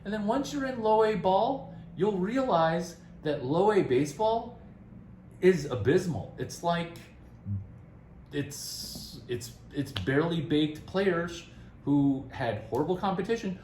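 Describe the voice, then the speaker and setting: A man giving career advice in a rambling, animated casual talk, often laughing and restarting his sentences. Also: high voice, slow pace, roomy sound, a little hiss or hum, poor audio.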